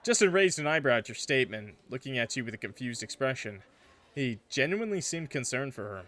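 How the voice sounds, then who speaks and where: A man's voice: medium pitch, big pitch swings, a little fast, a bit bright. A man streaming a visual novel, reading the story aloud and breaking off for joking, mock-outraged asides and laughter.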